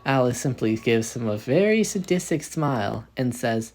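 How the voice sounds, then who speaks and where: Animated rambling young storyteller. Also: male voice, mid-range voice, normal speed, hardly any pauses. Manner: rambling, self-correcting, animated. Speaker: fan fiction storyteller. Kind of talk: casual narrated fan story.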